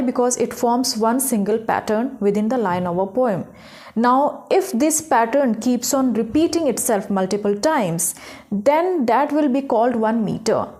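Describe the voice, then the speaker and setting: A woman's voice: on the high side, a little mellow. A young woman giving a recorded literature lecture, explaining step by step and checking in with "okay?" and "right?". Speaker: English literature teacher.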